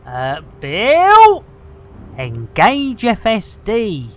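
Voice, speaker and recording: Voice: mid-range voice, huge pitch swings, extremely slow, a bit bright. A streamer, chatting boisterously and cracking jokes while playing a space game. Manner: boisterous, jokey, rambling.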